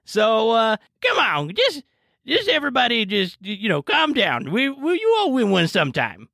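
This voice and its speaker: Man doing a fussy old granny running bingo, high put-on voice, dry sound. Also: huge pitch swings, normal speed, gravelly, bright, forceful tone, dry recording, exaggerated voice. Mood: placating. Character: bossy elderly woman running bingo night. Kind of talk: tabletop game role-play.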